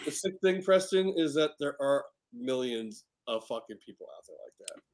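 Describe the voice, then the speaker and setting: A man who is a guest filmmaker, talking casually about a movie, relaxed and swearing freely. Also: mid-range voice, moderate pace, rough recording.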